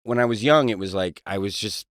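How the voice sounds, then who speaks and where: A man talking in a halting, soft-spoken way in a candid interview. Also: on the low side, no room sound, studio quality.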